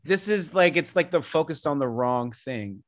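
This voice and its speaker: A man talking as an interview guest in a casual podcast conversation, telling rambling anecdotes full of tangents, laughing as he goes and acting out other people's lines in a higher voice. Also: expressive, normal speed. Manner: rambling storyteller who drifts into tangents; acts out quoted people with jumps in pitch.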